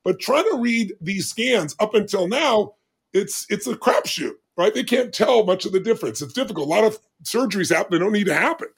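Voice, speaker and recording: Gravelly man in his 60s, high for a man, podcast guest, emphatic dramatic storyteller. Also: animated, fairly quick. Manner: emphatic, dramatic storyteller with big swings of pitch. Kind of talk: animated storytelling in conversation.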